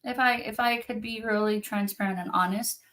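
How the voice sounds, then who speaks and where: A woman's voice: medium pitch, fairly even intonation, brisk, a bit bright. A woman speaking earnestly and from the heart in a casual conversation, as a spiritual practitioner on a video call.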